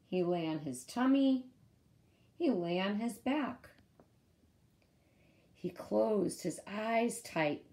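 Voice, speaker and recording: Woman reading a kids' bedtime story, gentle teacher manner, unhurried, warm dark tone. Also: fairly low pitch. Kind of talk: children's read-aloud.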